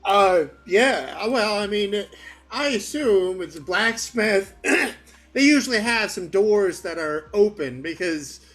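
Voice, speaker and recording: A man's voice: high-pitched, animated, takes it slowly, a bit bright. A man playing his character in a tabletop game, hesitant and apologetic, often stammering. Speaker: player.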